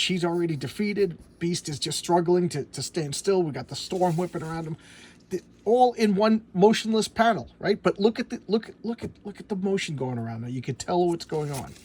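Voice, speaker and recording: Husky-voiced man gushing over a comic. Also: high-pitched, a little mellow. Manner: eager and gushing, stammers and repeats words. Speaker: comic book reviewer. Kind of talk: casual chat while flipping through a comic.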